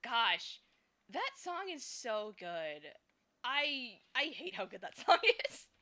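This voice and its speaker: A woman's voice: fairly high pitch, big pitch swings, takes it slowly, bright, forceful tone. A young woman chatting casually and thinking aloud while she draws, giggling often between fillers. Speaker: streamer and fan artist. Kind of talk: casual chat while drawing.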